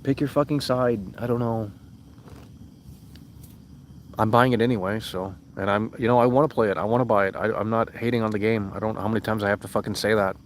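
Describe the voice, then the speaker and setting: A man's voice: lowish voice, fairly even intonation, a little fast, slight background noise. A young man streaming and reading chat aloud, blunt and exasperated, swearing freely and mocking comments in sarcastic voices. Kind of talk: casual live-stream chat.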